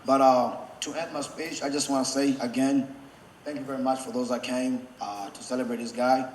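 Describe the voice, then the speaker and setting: A man giving a best man's toast, choked up and holding back tears, halting with many fillers and restarts. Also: mid-range voice, steady tone, a little mellow. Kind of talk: wedding toast. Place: wedding reception hall. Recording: echoey reception hall with faint background noise.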